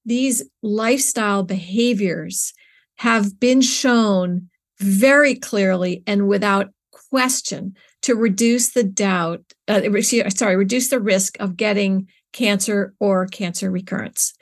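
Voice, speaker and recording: A woman's voice: medium pitch, slow pace. Earnest middle-aged woman telling her story. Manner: earnest, searching, frequent restarts and fillers. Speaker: interview guest, nonprofit co-founder. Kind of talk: conversational interview.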